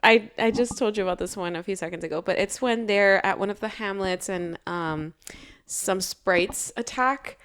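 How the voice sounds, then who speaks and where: A woman's voice: mid-range voice, moderate pace, fairly bright tone, clean tone. Gushing woman podcast co-host. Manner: gushing, enthusiastic, laughs easily. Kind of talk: casual book chat.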